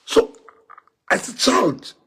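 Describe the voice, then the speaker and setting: Speaking slowly in a somewhat bright voice, a male politician from South Africa with a South African accent, whose first language is Afrikaans, livestreams an impassioned monologue to his followers, returning again and again to rhetorical questions.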